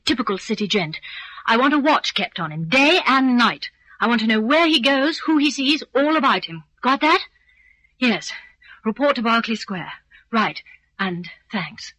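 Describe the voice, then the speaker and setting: An actress playing a brisk, capable young secretary giving orders in a vintage radio drama. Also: female voice, on the high side, bright, forceful tone, no room sound, low-quality recording. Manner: brisk, efficient, commanding.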